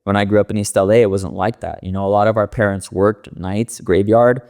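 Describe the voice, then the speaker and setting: This podcast guest, a young Los Angeles-area man, has a gravelly, darkish voice on the low side, with a steady tone and brisk pace. His casual interview talk is packed with fillers as he tells loose, profane stories.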